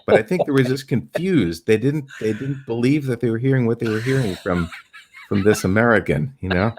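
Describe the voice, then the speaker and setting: A middle-aged man, a stage illusionist, telling animated anecdotes in a podcast interview and acting out the people he quotes. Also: mid-range voice, a little fast, slight background noise.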